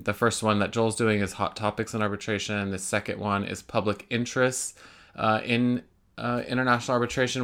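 A man co-hosting a casual podcast from his apartment, animated and laughing often. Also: lowish voice, smooth. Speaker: podcast co-host.

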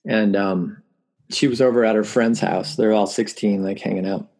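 A man's voice: lowish voice, fairly even intonation, normal speed, a little mellow. A man in his forties, a musician guest telling family stories in casual interview chat, laughing often and acting out quotes.

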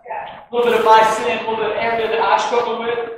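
A male pastor preaching a sermon, animated, moving between loud emphasis and quiet asides. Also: sits high, fast talker, a little hiss or hum. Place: church auditorium. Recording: echoey church hall, mic distant.

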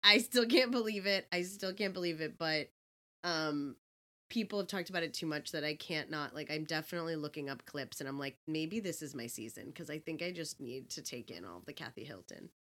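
A woman with a somewhat low voice, chatting casually and telling animated stories full of fillers and restarts. The recording is dry and close, with no room sound. She talks the way a regular podcast co-host does. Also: fairly quick, dry recording. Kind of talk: casual chat.

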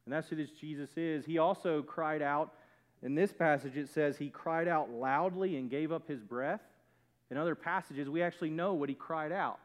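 Preacher, male, slightly high-pitched, emphatic sermon delivery with loud swells and soft drops. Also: normal speed. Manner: emphatic, swelling to loud peaks then dropping quiet. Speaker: pastor.

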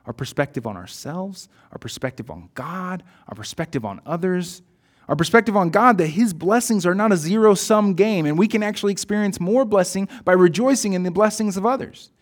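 A man's voice: high-pitched, expressive, a little fast. A man preaching a sermon in an earnest, reflective way, reading his own poem aloud.

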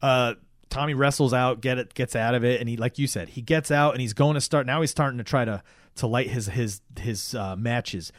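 A man's voice: medium pitch, moderate pace, no echo, studio quality. A man in casual talk, animatedly retelling a movie plot with swearing and acted-out lines. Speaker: podcast co-host. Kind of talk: casual movie recap chat.

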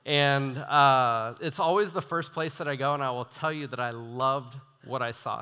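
A young adult man preaching a sermon as a student minister, animated and self-deprecating, reading quotes with emphasis. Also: on the high side, moderate pace. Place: church hall. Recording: long hall reverb.

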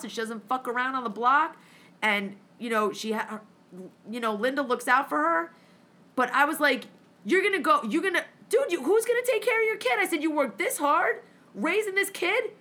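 A woman telling a story in casual chat, swearing freely and acting out both sides of the conversations. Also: high voice. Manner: profane, animated, acts out dialogue.

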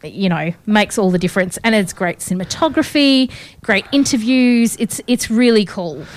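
A woman's voice: medium pitch, animated, normal speed. A woman, co-hosting a show in casual, upbeat chat with many fillers. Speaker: radio co-host.

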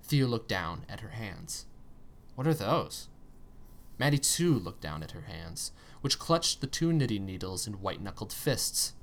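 A man narrating a story aloud in an expressive reading style, with tense pauses and strong emphasis. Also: on the low side, vocal fry. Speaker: story reader.

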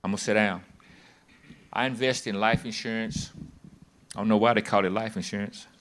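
A preacher man delivers his sermon with a bright, forward tone. He talks in a folksy, emphatic way and slips humor in between his points. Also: fairly low pitch, fairly even intonation, a little fast.

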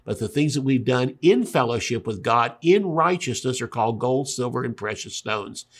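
Male Bible teacher with a husky voice, chatty and emphatic. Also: medium pitch, lively intonation, normal speed. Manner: retells scripture conversationally with emphatic asides. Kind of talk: sermon.

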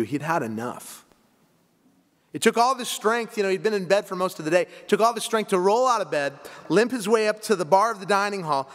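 A man's voice: on the high side, fairly bright tone. Man preaching in a reverberant hall. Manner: storytelling, conversational with "you know" asides. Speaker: pastor. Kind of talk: sermon. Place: church sanctuary.

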